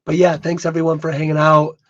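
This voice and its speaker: A hoarse man who has lost most of his voice, co-hosting a casual livestream podcast and often stumbling and repeating his words. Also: on the high side, completely flat delivery, brisk, fairly bright tone, dull audio. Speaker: podcast co-host.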